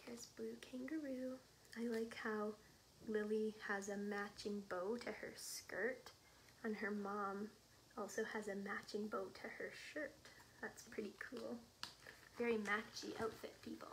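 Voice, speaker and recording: A young woman, a children's librarian, reading a bedtime story with gentle, chatty asides to children. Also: medium pitch, little pitch movement, unhurried, slight background noise, low-quality recording.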